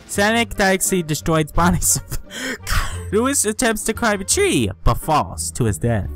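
A young man hosting casual gameplay commentary, reading events aloud and reacting with shouts, swearing and laughter. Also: on the high side, very animated, measured pace, faint music behind. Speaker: gaming channel host.

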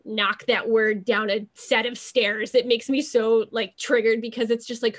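A young adult woman talking casually as an interview guest, rambling with many fillers and restarting her thoughts. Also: fairly high pitch.

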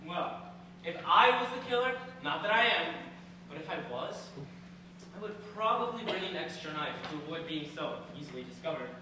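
A man's voice: on the high side, lively intonation, normal speed, lightly acted. A man playing a jittery, defensive oddball. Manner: protests his innocence a little too eagerly. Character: odd, defensive man carrying a plastic baby. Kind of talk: amateur stage acting. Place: school stage. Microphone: parent's camera in the audience. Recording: echoey hall from far off, audience noise.

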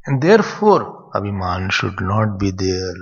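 A man's voice: deep voice, sing-song, a little slow, breathy edge. An older man with an Indian English accent gives a scripture discourse as a spiritual teacher, teaching in a conversational, digressive way. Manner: conversational, digressive teaching, mixing in Hindi phrases. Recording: dull, echoey hall recording.

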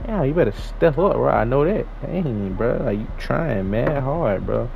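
A young man giving slangy, excitable trash-talk commentary over his own basketball video game play. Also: medium pitch, a little slow, vocal fry, phone-quality sound, soft background music. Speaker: gaming YouTuber. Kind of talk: live gameplay commentary.

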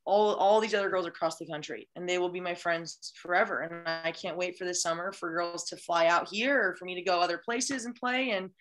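Young woman athlete gushing about her sport, bright voice, trips over her words. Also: fairly low pitch, fairly even intonation, brisk, few pauses, soft background music. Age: young adult. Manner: gushing, enthusiastic, many restarts. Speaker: college beach volleyball player, podcast guest. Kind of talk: casual chat.

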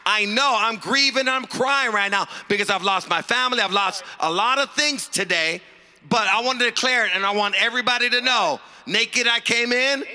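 Fervent high-voiced man preaching. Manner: fervent, shouting praise calls; quick, emphatic retelling in character. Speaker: pastor. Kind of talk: sermon. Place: church sanctuary. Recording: long reverb of a church hall.

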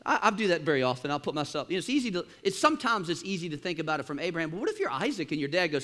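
A man preaching a sermon in a church, animated, with sudden loud bursts and quieter asides. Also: on the high side, rapid-fire, hardly any pauses. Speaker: pastor. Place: church auditorium.

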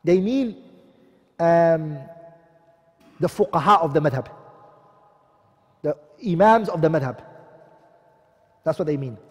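A man's voice: high-pitched, a little mellow, husky. A man giving a classroom lecture who asks his students questions, answers them himself and repeats each key term. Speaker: teacher. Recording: long hall reverb.

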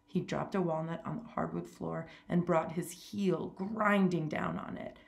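A woman reading a story aloud with a steady, measured delivery. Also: on the low side, creaky. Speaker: narrator.

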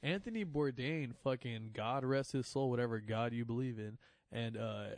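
A relaxed man hosting a casual podcast, chatting in an upbeat way with casual swearing. His voice sits at an average pitch, and the recording is dry and close. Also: moderate pace, no echo. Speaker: podcast host. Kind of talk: casual chat.

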